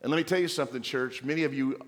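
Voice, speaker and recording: A man's voice: medium pitch, rapid-fire, big-room sound. A male pastor preaching a sermon, exhorting the church with playful asides and mock voices of the congregation.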